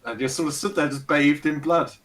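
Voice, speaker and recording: A man's voice: fairly high pitch, fairly quick, far from the mic, very noisy. A man narrating a tabletop game as dungeon master, hesitant and often laughing.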